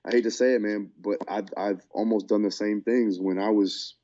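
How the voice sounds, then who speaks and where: A man's voice: lowish voice, fairly even intonation, moderate pace, mellow, muffled recording. A man co-hosting a podcast as a fight coach, talking in a laid-back, casual way and often saying "man". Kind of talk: casual chat.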